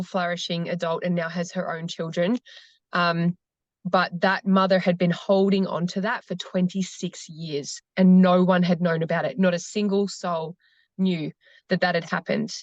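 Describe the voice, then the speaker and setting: A woman's voice: lowish voice, no room sound. Woman ceremony facilitator, earnest storyteller, dry muffled podcast sound. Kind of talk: podcast conversation.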